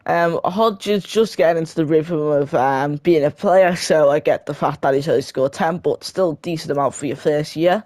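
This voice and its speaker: Young gaming narrator, casual and chatty, mid-pitched voice, dry close recording. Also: darkish tone, no echo. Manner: chatty, self-correcting, quick laughing asides. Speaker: gaming video creator. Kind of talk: casual voice-over of a football game career mode.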